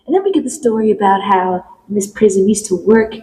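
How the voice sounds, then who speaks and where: Animated woman retelling a story. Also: normal speed, rough recording. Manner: animated retelling, acting out quotes in a higher voice. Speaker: podcast co-host. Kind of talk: casual chat recapping a play.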